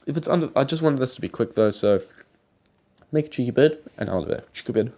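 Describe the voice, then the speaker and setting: A man's voice: mid-range voice, animated, fast talker, darkish tone. A young man giving rambling, casual commentary over his football game footage, swearing now and then. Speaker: gaming YouTuber.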